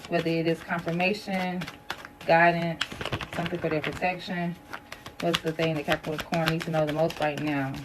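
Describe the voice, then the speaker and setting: A woman's voice: normal speed, background noise. A woman reading tarot cards for her viewers in a casual, chatty way, blunt and ready to cuss when she vents. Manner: chatty and blunt, cusses while venting, animated rises in pitch. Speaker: tarot reader.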